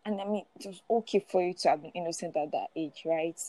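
A woman's voice: mid-range voice, a little fast, few pauses, dark tone, no echo. A woman in her forties sharing her personal testimony as a guest, often laughing through it and repeating words as she goes. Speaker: guest speaker.

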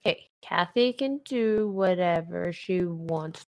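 A woman's voice: lowish voice, takes it slowly, darkish tone. A woman chatting casually on a voice call, wry and laid-back, swearing easily. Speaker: guest, joking co-host. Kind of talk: casual chat. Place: home, on a voice call.

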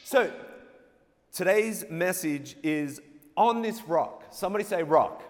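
A man's voice: high-pitched, animated, slow pace, soft background music. A man preaching a sermon, playful, calling out for the congregation to answer back and laughing at his own jokes. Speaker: pastor. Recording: long hall reverb.

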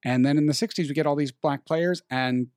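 A young man hosting a casual podcast chat, rambling and pausing to search for names. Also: on the high side, darkish tone, clear, resonant tone, dry recording, studio quality. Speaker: podcast host. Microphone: studio microphone.

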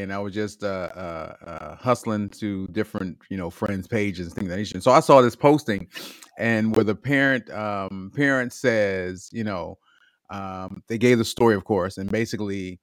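A man hosting a podcast, talking casually and announcing the episode topic with animated, drawn-out hype. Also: fairly low pitch, dry recording, clean studio sound. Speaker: podcast host.

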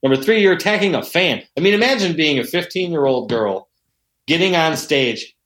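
A man in casual conversation, telling stories with lots of profanity. His pitch swings widely as he gets animated. The room around him has a noticeable echo. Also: moderate pace. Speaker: podcast guest. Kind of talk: casual storytelling chat. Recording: roomy echo.

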